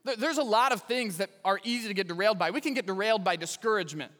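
Guy pastor preaching, bright ringing voice, jokes at himself, big reverby church hall. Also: high-pitched, very fast. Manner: storytelling with self-deprecating humor. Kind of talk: sermon.

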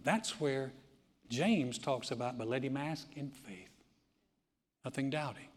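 A man preaching a sermon to a congregation, moving between loud, emphatic passages and a quiet, low prayer voice. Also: unhurried. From United States. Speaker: pastor. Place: church sanctuary. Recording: long church reverb.

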